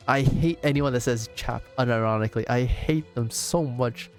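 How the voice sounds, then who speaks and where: A man's voice: mid-range voice, normal speed, hardly any pauses, darkish tone, soft background music. A man streaming a game live, chatting casually with lots of swearing and rambling restarts.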